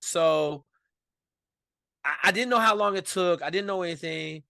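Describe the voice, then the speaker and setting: A man from Washington state, a podcast guest telling a story in casual, animated, profane speech. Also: high-pitched, unhurried, creaky, no echo, clean studio sound.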